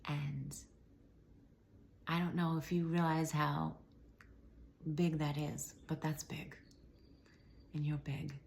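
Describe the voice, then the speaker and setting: A slightly hoarse woman giving a gentle, affirming spiritual message to viewers, sometimes dropping to a whisper. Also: low-pitched, little pitch movement, slow, pauses often. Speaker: spiritual channeler. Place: at home.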